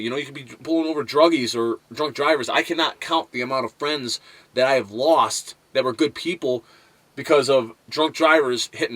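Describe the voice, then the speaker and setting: A man's voice: mid-range voice, fairly bright tone, no room sound. Brash, foul-mouthed man rapping about himself. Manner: profane, boastful, blunt. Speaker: rapper. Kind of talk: casual monologue to camera.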